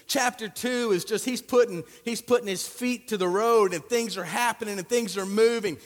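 A man preaching a sermon, telling the story in an animated way and building up emphasis. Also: sits high. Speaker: pastor. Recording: long reverb of a large hall.

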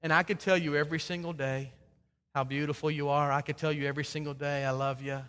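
Male pastor, sermon delivery, emphatic builds and hushed endings, slightly high pitch. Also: flat delivery, quick pace. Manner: earnest, rising to emphatic peaks and dropping to soft low endings. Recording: long hall reverb.

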